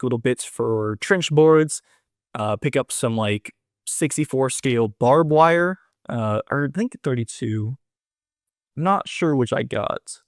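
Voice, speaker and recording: A man's voice: mid-range voice, dry recording, clean studio sound. A young man co-hosting a casual hobby chat, talking loosely with many fillers and restarts. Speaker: podcast co-host.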